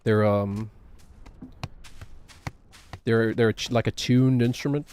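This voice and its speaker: A man's voice: medium pitch, steady tone, takes it slowly, darkish tone, smooth. A man streaming a game, chatting in a rambling, joking way with self-deprecating asides. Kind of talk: casual gaming stream chatter.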